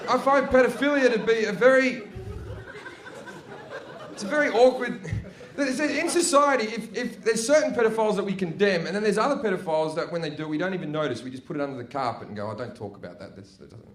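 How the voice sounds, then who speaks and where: A man's voice: high-pitched, quick pace. A man with an Australian accent doing a brash, profane stand-up comedy set, chatty and full of tag questions, live on stage at a comedy venue. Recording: echoey noisy live room.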